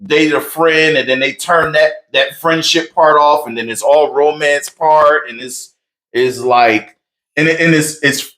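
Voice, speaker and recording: A high-energy man, telling stories animatedly in a casual conversation about his marriage, with loud bursts. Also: poor audio. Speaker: married guest on relationship talk.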